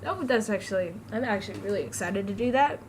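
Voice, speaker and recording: A woman's voice: mid-range voice, lively intonation, quick pace, a little hiss or hum, rough recording. A teenage girl vlogging, chatty and giggly, jumping from topic to topic. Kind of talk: casual rambling vlog.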